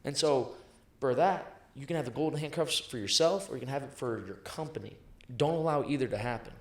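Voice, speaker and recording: Fast-talking, blunt motivational man, echoey room. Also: medium pitch. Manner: emphatic, blunt, profane, repeats himself for punch. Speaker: sales professional guest. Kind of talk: motivational interview talk.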